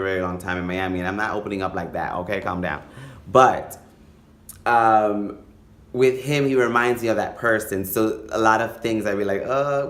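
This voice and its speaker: Campy, animated man telling stories. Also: reverberant. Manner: campy, animated, breaks into high-pitched playful voices; switches between English and Spanish phrases. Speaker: vlogger. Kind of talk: casual storytelling vlog.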